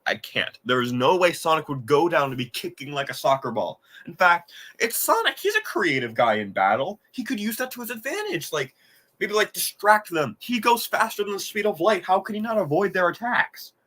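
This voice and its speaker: A man's voice: a little high, bright, forceful tone. A man hosting a live game reaction, ranting with exasperation, swearing often and laughing at what he watches.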